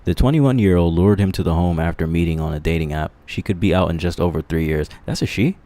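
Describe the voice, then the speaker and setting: Deep male streamer, crude rambling commentary, swears freely and laughs at his own jokes. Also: fast, warm tone. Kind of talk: casual livestream commentary. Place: dark room lit by candles.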